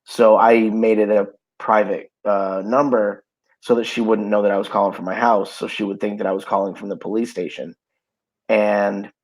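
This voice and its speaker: A man's voice: on the low side, rough recording. A man co-hosting a casual podcast, telling stories in an easygoing way with lots of fillers. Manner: relaxed storytelling, many fillers. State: has the hiccups. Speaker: podcast co-host. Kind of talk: casual chat. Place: home.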